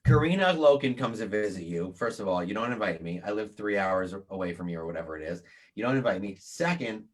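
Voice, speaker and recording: A man's voice: lowish voice, expressive, quick pace. A man co-hosting a live morning stream, joking and teasing with mock indignation. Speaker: co-host of a live morning show. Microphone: live video stream.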